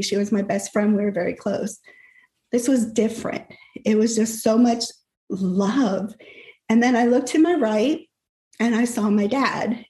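A middle-aged woman gives an earnest, emotional account in an interview, often quoting what she thought and said. Her voice sits a little high but has a mellow, soft tone. The room around her is noticeably echoey. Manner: earnest, emotional retelling with quoted inner thoughts. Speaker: guest telling her story. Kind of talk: personal testimony in an interview.

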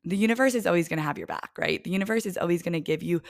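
A young woman business coach hosting her own podcast, talking chattily and with emphasis, sometimes dropping to a soft near-whisper. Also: on the low side, very fast, no echo, studio quality. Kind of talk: casual solo podcast monologue.

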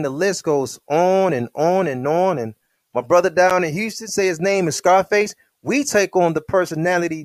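A man's voice: fairly high pitch, no echo, clean studio sound. A man hosting a podcast, talking in a fiery preaching style with street slang and calling his listeners "beloved". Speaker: podcast host.

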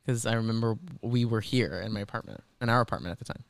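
A man co-hosting a casual chat from his apartment, animated and laughing, slipping into impressions. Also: lowish voice, quick pace, no room sound. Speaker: podcast co-host.

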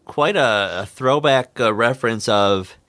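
A man co-hosting a podcast, casual and gentle, quick to laugh. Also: medium pitch, no echo, studio quality. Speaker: podcast co-host.

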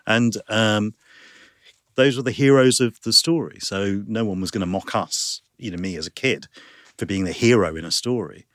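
A man, a guest comedian and actor, talking in an interview and telling lively anecdotes with plenty of fillers. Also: lowish voice, normal speed, dry recording, clean studio sound. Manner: lively anecdotes with many fillers, 'you know' and 'um'. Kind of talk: conversational interview storytelling.

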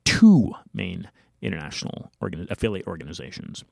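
A man's voice: sits low, sing-song, fairly quick, creaky, darkish tone, slightly rough, no echo, clean studio sound. An American man hosting his own commentary show, reading from an article with emphatic asides and stumbles. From United States. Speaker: political commentary show host.

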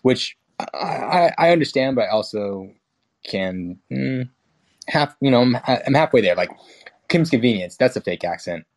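A man's voice: medium pitch, animated, moderate pace. A young man in casual conversation, rambling with restarts and fillers, frank and swearing casually. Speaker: guest.

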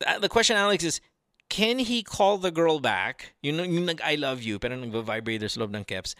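Brash, lively-voiced male podcast host. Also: on the high side, fairly quick, no echo. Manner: brash, crude and teasing. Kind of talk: call-in advice show banter.

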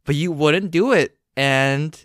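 A man co-hosting a podcast in casual, joking chat, quick to tease and apologize. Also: a little high, no echo, studio quality. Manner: joking, animated, sings a mock apology song. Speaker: podcast co-host.

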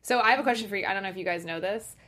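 A woman's voice: medium pitch, very fast, pushed and bright. A woman co-hosting a podcast, talking casually about a TV episode with lots of fillers. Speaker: podcast co-host. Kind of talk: casual recap chat.

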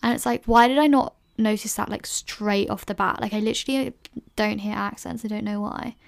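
A woman's voice: medium pitch, steady tone, fairly quick, creaky. A young woman in her early twenties hosting a casual solo Q&A podcast, rambling chattily with lots of "like" and self-conscious laughs. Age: early 20s. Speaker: podcast host.

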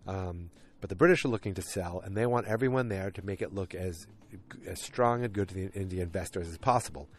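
A man's voice: sits low, a little fast, slight background noise. A man hosting a podcast, rambling casually with lots of fillers and restarts. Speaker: podcast host recapping a TV show. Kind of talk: casual chat.

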